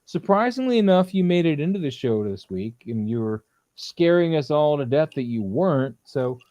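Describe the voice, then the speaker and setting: A man's voice: a little high, big pitch swings, moderate pace, warm tone, dry recording, lo-fi sound. A man hosting a casual group chat show, joking and laid-back, calling everyone "man". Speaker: podcast host.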